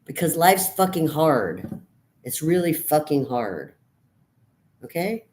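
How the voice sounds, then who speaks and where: A middle-aged woman speaks to her camera in a notably low, heavy voice. She vents in a raw, profanity-laced monologue. Her volume swings between quiet brooding and loud outbursts. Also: sing-song, takes it slowly, slight background noise. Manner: raw, profane, venting rant. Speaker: vlogger.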